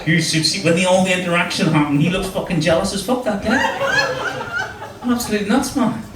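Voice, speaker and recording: This Northern Irish stand-up speaks briskly in a high voice with big pitch swings, mocking the audience with crude jokes. Heavy background noise fills the roomy comedy club recording, made from a distance, with crowd laughter.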